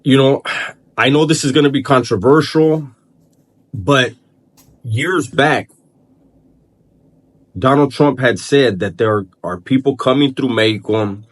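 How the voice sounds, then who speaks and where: A man hosting his own video channel, talking casually to the camera and restarting his sentences often as he thinks aloud. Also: mid-range voice. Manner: halting, repeats words and restarts while thinking aloud. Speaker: channel host. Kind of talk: casual vlog commentary.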